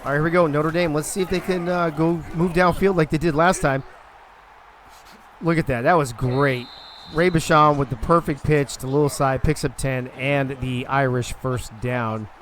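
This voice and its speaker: A man's voice: fairly high pitch, steady tone, moderate pace. A young man calling a football video game live on a stream, loose and profane, talking to his chat between plays.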